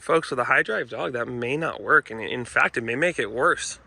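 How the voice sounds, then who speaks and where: A man's gravelly voice with a pressing, forceful edge carries a down-to-earth dog training talk. He speaks earnestly and keeps coming back to "folks" and "you know" as he explains. He sounds like a trainer talking straight to the camera. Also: mid-range voice, moderate pace, few pauses, no room sound. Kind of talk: casual instructional talk to camera. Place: indoors with dogs nearby.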